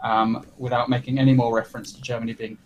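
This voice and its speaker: A man co-hosts a casual podcast chat, wry and teasing as he talks. His voice sits at a middle pitch. A faint hiss of ambience lies behind him. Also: little pitch movement, quick pace, highs cut off. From Britain. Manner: wry, teasing, laughs while talking. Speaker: podcast co-host, airline pilot.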